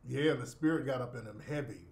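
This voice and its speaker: A man's voice: medium pitch, brisk, a little mellow. A man hosting a radio show, casually telling a profane anecdote with laughter and acted-out quotes.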